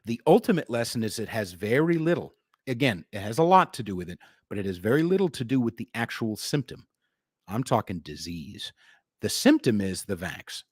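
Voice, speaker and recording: Animated, profane man ranting. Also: mid-range voice, breathy edge, no echo, clean studio sound. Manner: animated, sarcastic, mocks others in put-on voices, swears a lot. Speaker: podcast host. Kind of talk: profane political rant.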